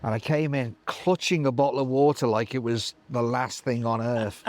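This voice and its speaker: A middle-aged live sound engineer telling animated stories in an interview, acting out other people's voices with many restarts. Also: male voice, mid-range voice, moderate pace, no echo. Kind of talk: anecdotal interview chat.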